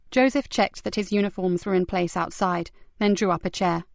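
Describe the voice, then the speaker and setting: A British woman narrating a crime novel in a measured, even storytelling voice. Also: mid-range voice, creaky, no room sound. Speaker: audiobook narrator. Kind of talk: scripted narration.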